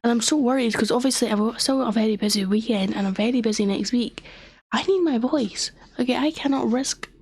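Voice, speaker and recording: A woman's voice: fairly high pitch, brisk, husky. Chatty woman streamer, half-whispering. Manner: animated, often drops to a whisper. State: losing her voice from a sore throat. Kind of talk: casual storytelling chat.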